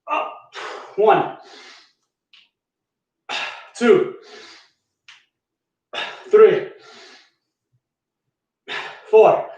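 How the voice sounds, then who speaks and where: Winded workout coach guy, high voice, calling reps from far off in a super echoey gym. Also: a little mellow. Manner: counts reps aloud and calls out each movement. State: out of breath. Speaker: fitness coach. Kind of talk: workout follow-along counting reps. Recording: echoey room, far from mic.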